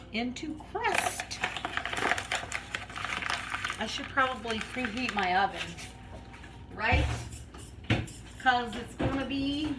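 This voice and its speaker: Woman vlogger, unhurried kitchen chat, rambling and giggly, faint background hum. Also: a little high. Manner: chatty, rambling, laughs often. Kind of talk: casual chat while baking. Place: home kitchen.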